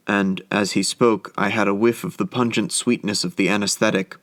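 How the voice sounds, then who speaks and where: A man narrating a classic story as an audiobook in a measured, reflective way. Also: on the low side, steady tone, a bit bright, no echo, studio quality.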